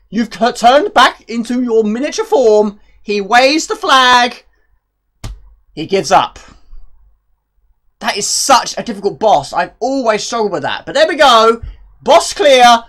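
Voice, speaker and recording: A woman's voice: a little high, expressive, takes it slowly. A woman giving casual gameplay commentary as a video creator, chatty and self-mocking, often talking to herself.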